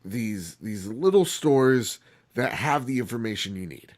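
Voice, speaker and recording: A man hosts a casual gaming podcast with a lively, swooping pitch. He rambles from point to point and often breaks into laughter. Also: a little slow. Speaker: podcast host.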